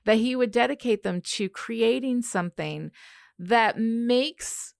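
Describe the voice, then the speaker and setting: A woman's voice: on the high side, slow, gravelly, no echo, clean studio sound. A woman co-hosting a podcast in casual chat, emphatic and thoughtful, with many fillers. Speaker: podcast co-host.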